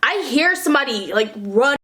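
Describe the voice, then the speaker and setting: A young woman vlogger telling a storytime in a casual, animated way, swearing and saying "like" a lot. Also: sits high, brisk.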